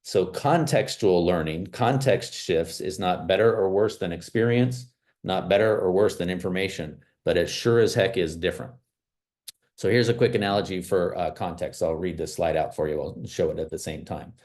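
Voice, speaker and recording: A man from small-town America giving an animated, emphatic motivational talk over a video call, with casual fillers. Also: deep voice, moderate pace. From small-town United States.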